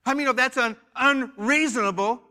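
American pastor, high voice, preaching with call-and-response and light joking. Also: male voice, fairly quick, bright, forceful tone. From United States. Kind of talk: sermon. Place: church.

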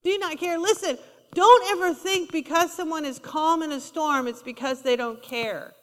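A woman's voice: sits high, normal speed, a bit bright. A woman preaching a sermon in a conversational style, acting out quotes as she goes. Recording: long reverb of a large hall.

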